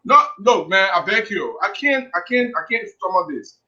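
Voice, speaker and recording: Heated high-voiced man on radio. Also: big pitch swings, moderate pace, pushed and bright. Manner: heated, emphatic, repeats himself. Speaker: radio talk show guest. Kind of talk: call-in radio debate. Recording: dull lo-fi radio audio.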